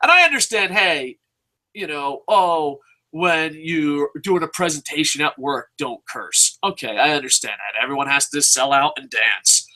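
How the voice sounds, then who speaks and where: A man's voice: on the high side, lively intonation, a little slow, sharp tone. A man co-hosting a casual chat show, ranting with heavy profanity. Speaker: podcast co-host.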